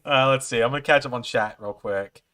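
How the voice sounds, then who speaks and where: Male streamer, mid-pitched, casual rambling storyteller, lots of fillers. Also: a little fast, a bit bright. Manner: rambling, frequent fillers and "I'm like" asides. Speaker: livestream host. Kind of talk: casual storytelling to a live chat.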